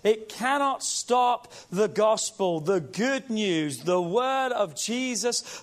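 Male pastor, high voice, fervent sermon delivery with drawn-out emphasis and rallying calls. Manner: emphatic, repetitive call-and-response preaching; slows and stretches key phrases.

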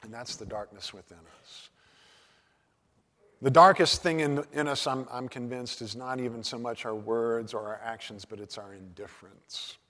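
A man giving a conversational sermon, often restarting his words and dropping low and soft to stress a point. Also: normal speed, big-room sound. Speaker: pastor.

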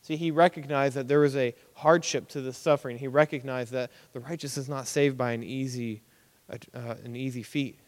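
A man's voice: medium pitch, normal speed. Young man preaching in a reverberant hall. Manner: conversational, animated, acts out reactions. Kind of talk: casual youth sermon.

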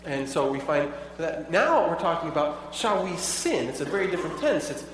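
Guy preaching in a big echoey church, kinda high voice, mic far off, lots of ups and downs. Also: big pitch swings, moderate pace, a bit bright, a little hiss or hum. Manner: conversational preaching with rhetorical questions. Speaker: pastor. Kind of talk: sermon.

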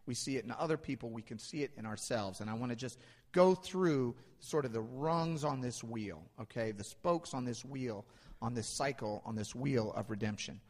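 A man's voice: mid-range voice, normal speed. Man preaching in a reverberant hall. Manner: dynamic, swings between loud emphasis and hushed asides. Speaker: pastor. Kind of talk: sermon.

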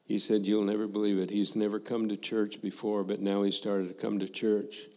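An older man, a former missionary, telling a personal testimony to a congregation in a slow, reflective way, acting out the dialogue he recalls. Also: lowish voice, little pitch movement, darkish tone, big-room sound.

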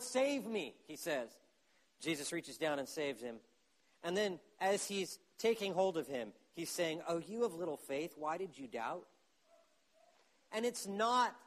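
A man preaching with a slightly higher voice, full of animation. He builds to loud, urgent peaks and then drops to hushed, intense stretches. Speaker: pastor. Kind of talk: sermon.

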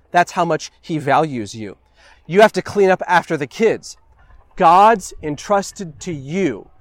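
A man preaching a sermon earnestly, asking the listeners questions, repeating phrases and dropping to a hush on key words. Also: a little high, no room sound, clean studio sound. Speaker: pastor.

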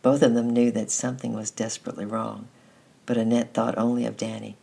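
A storyteller reading a children's story aloud at a steady pace, sometimes restarting a phrase. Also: medium pitch, fairly quick, creaky, breathy edge. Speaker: narrator. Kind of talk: storybook narration.

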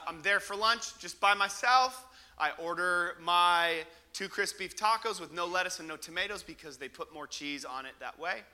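A man, a pastor opening his sermon with a funny everyday story and talking straight to the congregation. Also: high-pitched. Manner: animated, humorous storytelling with asides to the congregation.

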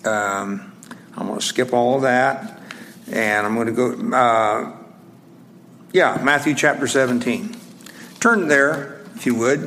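A man preaching a sermon in a conversational, halting way, with frequent pauses and restarts, slowing down to stress scripture phrases. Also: mid-range voice, a bit bright, slight background noise.

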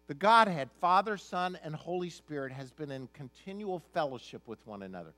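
A man preaching a sermon with a voice pitched a bit high for a man. He reads scripture aloud, then explains it in a plain, emphatic, conversational way. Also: animated, a little fast, hardly any pauses, bright, forceful tone. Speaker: pastor.

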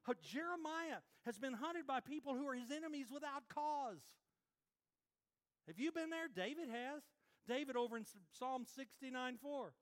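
High-voiced pastor guy preaching, playful and animated, gets loud then drops real soft. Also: normal speed. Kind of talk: sermon.

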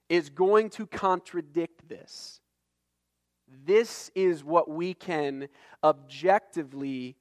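A man's voice: a little high, no echo, studio quality. A middle-aged man, a pastor preaching a sermon in an earnest, conversational way, mixing scripture with personal stories and stumbling restarts.

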